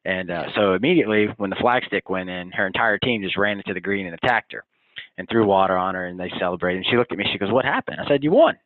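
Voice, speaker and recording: A man's voice: low voice, steady tone, fast, no echo. A man, a college golf coach, telling a story with energy and enthusiasm in a casual interview. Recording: tinny phone line.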